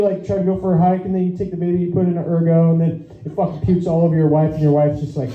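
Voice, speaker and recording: A man's voice: high-pitched, steady tone, a little fast, some chatter behind. A young man doing a stand-up set, rambling, swearing often and laughing at his own jokes. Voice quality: profane, rambling, self-amused. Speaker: stand-up comic. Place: small comedy venue. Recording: echoey lo-fi club recording.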